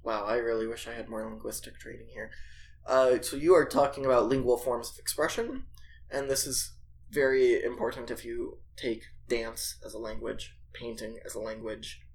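A man of middle pitch talks through ideas in a relaxed chat. He lectures a little and fills his sentences with "like" and "uh." Faint ambient noise sits behind him. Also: moderate pace, creaky. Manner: explanatory, lecturing, with many filler words. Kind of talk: casual discussion.

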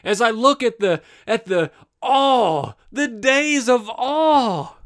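Man, preacher, impassioned sermon, high-pitched, emphatic, fervent. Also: lively intonation, takes it slowly. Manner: fervent, emphatic, swinging between urgent and hushed.

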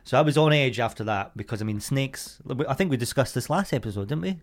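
A man co-hosting a casual podcast, telling stories animatedly, swearing freely and bursting into loud impressions. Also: medium pitch, lively intonation, fast. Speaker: podcast co-host. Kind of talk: casual chat.

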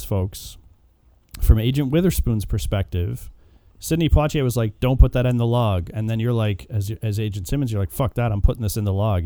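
A man's voice: medium pitch, clear, resonant tone, dry recording. A man in a casual movie discussion with friends, retelling scenes and acting out the characters' lines. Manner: animated, acts out characters' lines.

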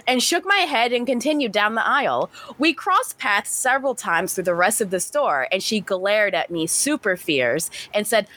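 Animated woman reading a story, lively pitch. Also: moderate pace, hardly any pauses. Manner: animated, swears casually, laughs often. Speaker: podcast host. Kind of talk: reading a story aloud and casual chat.

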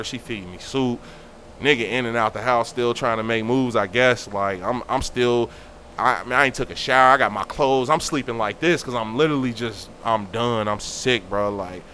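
Young man, casual storyteller who acts out the voices, slight background hiss. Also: medium pitch. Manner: animated, acts out quoted voices. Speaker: guest telling a story.

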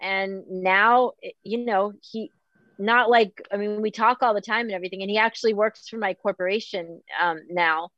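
A middle-aged woman from Boston, a guest talking candidly in an animated, self-deprecating way and often quoting herself. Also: mid-range voice, normal speed, dry recording, muffled recording. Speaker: podcast guest. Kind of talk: candid conversational chat.

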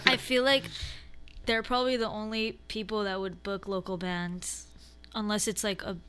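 A woman's voice: mid-range voice, flat delivery, normal speed, a bit bright, clean tone. Congested woman, chatty musician guest. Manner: chatty, lots of "like". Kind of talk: casual interview chat.

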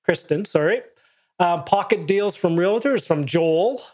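A man's voice: high-pitched, animated, measured pace, a little mellow. A man hosting a live webinar, joking and reading audience chat comments aloud. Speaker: webinar host.

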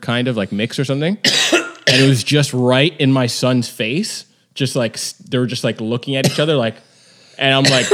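A man's voice: medium pitch, fairly bright tone. A young man telling stories in casual chat, loose and full of fillers and swearing.

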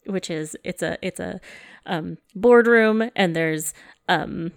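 A woman's voice: on the low side, slow pace, vocal fry, no echo. Woman podcast cohost, lots of ums, teasing, dry close mic. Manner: rambling, hesitant, full of ums, playfully teasing. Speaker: podcast co-host. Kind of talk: casual chat.

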